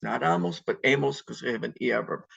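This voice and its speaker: A man with a gravelly, creaky voice teaches an online class, patient and methodical, with plenty of ums and restarts. The sound is dull and lo-fi, like a laptop mic on a video call. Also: mid-range voice, completely flat delivery, fast talker, a bit bright. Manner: patient, step-by-step explaining with many ums. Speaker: Spanish teacher. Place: home at computer on video call.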